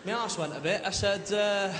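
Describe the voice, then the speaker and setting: A man's voice: sits high, normal speed, heavy background noise. A young man with a Manchester accent doing a stand-up set, chatty and cheeky as he banters with the crowd. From Manchester, England. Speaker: stand-up comedian. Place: large theatre stage. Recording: echoey live theatre with loud crowd laughter. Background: audience laughter and applause.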